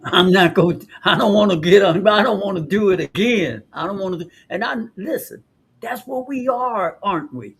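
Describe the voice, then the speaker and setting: Man, husky voice, slightly high, earnest, preachy, rambling motivational talk. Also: lively intonation, normal speed, fairly bright tone. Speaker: podcast co-host.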